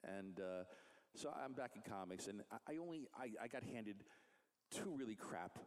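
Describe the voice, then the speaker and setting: Lower-pitched male comic artist, casual storyteller, animated, slips into voices for the people in his story. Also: normal speed.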